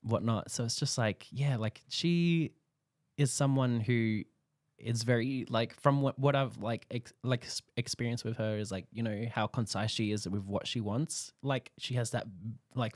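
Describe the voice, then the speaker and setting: A man's voice: medium pitch, measured pace, no room sound, studio quality. A young Australian man talking as an interview guest, telling stories with lots of fillers, acting out quoted dialogue and laughing often. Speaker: guest photographer. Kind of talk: casual interview chat.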